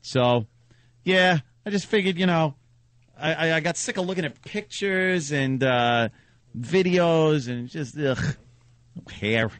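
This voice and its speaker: A man's voice: fairly high pitch, takes it slowly, fairly bright tone, dry recording. A man hosting a radio show, chatting casually and rambling with many restarts, speaking into a studio microphone. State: has the hiccups.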